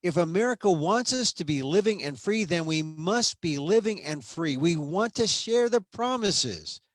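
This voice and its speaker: A high-pitched man reads a history book aloud in a dry recording, steady and measured. Now and then he breaks off for offhand comments or briefly restarts a line.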